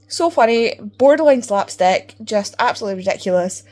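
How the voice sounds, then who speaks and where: A woman's voice: a little high, a little fast. A woman talking about books in a casual, rambling vlog with lots of fillers. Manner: chatty, animated, rambling with fillers. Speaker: book vlogger. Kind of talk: casual reading vlog chat.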